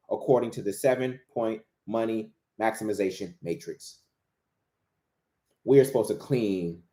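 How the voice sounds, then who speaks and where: A man's voice: mid-range voice, darkish tone. A man giving a motivational spiritual talk in a preacher-like way, repeating key phrases for emphasis. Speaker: author and motivational speaker. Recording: roomy echo.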